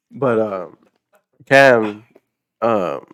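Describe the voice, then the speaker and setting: Low-voiced young man, rambling chat. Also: dry recording, clean studio sound. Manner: rambling storyteller, many fillers, laughing often. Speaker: podcast guest. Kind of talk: casual chat.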